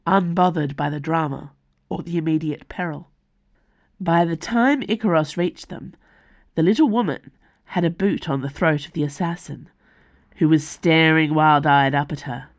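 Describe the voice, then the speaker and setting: A woman author reading her own fantasy novel aloud as scripted audiobook narration, measured and deliberate. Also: sits low, vocal fry.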